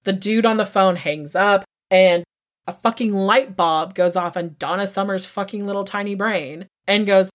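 Woman, podcast host, casual true-crime recap, heated, swears a lot, mid pitch. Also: normal speed. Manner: heated, profane, emphatic storytelling.

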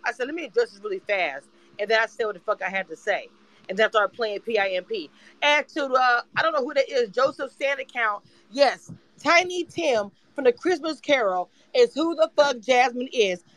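A man's voice: extremely high pitch, expressive, brisk, a bit bright, dry recording, poor audio. Profane, fired-up male host. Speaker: host of a live audio room. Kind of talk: heated casual fan talk.

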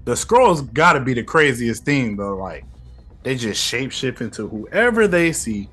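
A man's voice: medium pitch, big pitch swings, a little slow, fairly bright tone, husky, soft background music. A man hosting a podcast, reacting to a film in casual, slangy, profane commentary. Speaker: podcast host reviewing a film.

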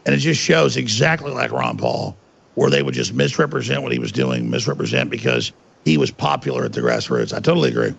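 A gravelly, husky man rants with mounting anger, his pitch jumping all over. He talks emphatically as a podcast guest, and the sound is a little dull and lo-fi. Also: wildly swooping pitch, brisk. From United States. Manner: angry, ranting, emphatic. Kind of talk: heated podcast interview.

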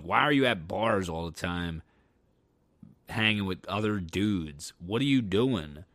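A young man with a lowish voice talks straight into a dry, close mic. He hosts his own podcast and tells frank, cursing stories about dating. When he retells the fright, he climbs high and loud. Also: dry recording. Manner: candid and profane, animated when retelling a scare. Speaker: podcast host. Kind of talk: casual storytelling monologue.

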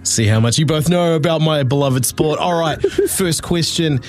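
A man hosting a sports radio quiz, brisk and upbeat as he reads out questions. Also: fairly high pitch, soft background music.

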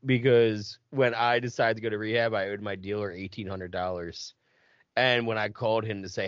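A man's voice: lowish voice, steady tone, moderate pace, fairly bright tone, smooth, dry recording. A man hosting a casual conversation, chatty and swearing, laughing easily. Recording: dry, dull lo-fi sound.

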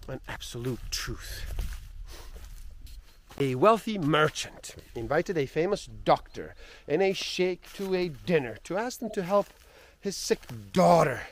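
A man narrating spiritual stories and reflections in an earnest, sometimes softly dropping voice. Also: medium pitch. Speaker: storyteller and spiritual speaker.

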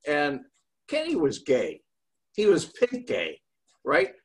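An older man with a husky, fairly high voice tells a story to his host in a loose, rambling way. He pauses often and fills the gaps with fillers. The telling is casual and unhurried. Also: huge pitch swings. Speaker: guest.

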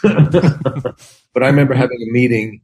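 A man with a husky, slightly breathy voice tells comic stories as a podcast guest. He is animated and acts out the people he quotes, with loose, conversational timing. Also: medium pitch, unhurried. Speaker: comedian guest. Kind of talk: anecdotal storytelling in a chat.

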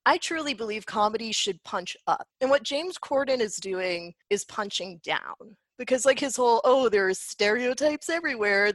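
Animated, swearing woman on a rant. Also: a little high, no echo. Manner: expressive, swears freely, laughs often, mocking quotes. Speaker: commentary host. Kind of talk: casual commentary rant.

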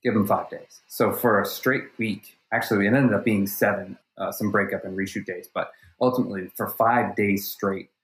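A stunt performer being interviewed, telling stories casually with energy and frequent restarts. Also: male voice, lowish voice, fairly even intonation, moderate pace, hardly any pauses, a bit bright. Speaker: stunt performer and fight coordinator guest. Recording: roomy echo.

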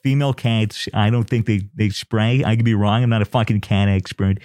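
A man's voice: lowish voice, fairly even intonation, brisk, darkish tone, no room sound, clean studio sound. A man in casual podcast chat, joking crudely and swearing a lot.

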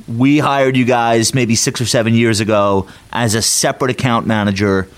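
Man, podcast guest, mid-range voice, animated, quick bursts of talk. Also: mid-range voice. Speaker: podcast guest, financial advisor. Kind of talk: casual podcast conversation.

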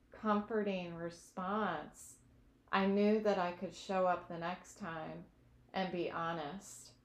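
A woman speaks slowly and earnestly, giving a reflective personal testimony as an interview guest. She pauses to search for words. Her voice carries in a roomy, echoing space. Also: fairly low pitch. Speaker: guest sharing her recovery story. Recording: echoey room.

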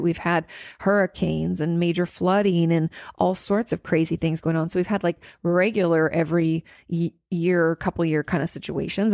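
Gravelly-voiced woman therapist, rambling. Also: lowish voice, a little mellow, no room sound, studio quality. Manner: rambling, emphatic, repeats herself with restarts. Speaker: therapist and podcast host. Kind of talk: casual podcast advice talk.

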